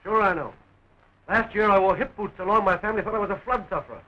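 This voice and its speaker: A man's voice: sits high, fast talker, lightly acted. An actor playing a joking young man who fights to free his sweetheart, in early talkie film style, with a dull, scratchy 1920s film sound.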